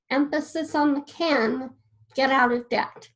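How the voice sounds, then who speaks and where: Woman coach talking slow and earnest, high voice, keeps repeating her points. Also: fairly even intonation, poor audio. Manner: earnest, personal, repeats key phrases; writes notes on a board while talking. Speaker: coach teaching a class. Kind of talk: casual spoken lesson.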